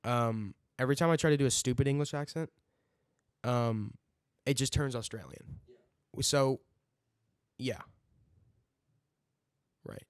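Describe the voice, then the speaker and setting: Male podcast co-host, 20s; rambling, profane casual talk, mid pitch. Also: measured pace, long pauses, clean tone, dry recording, studio quality. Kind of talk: casual chat.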